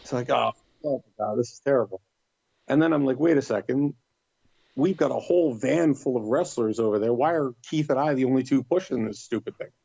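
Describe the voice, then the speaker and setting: A middle-aged man appearing as a podcast guest tells a story casually, acting out other people's lines in livelier voices. His voice is medium-pitched, husky, and a bit fast with vocal fry, recorded dry and lo-fi.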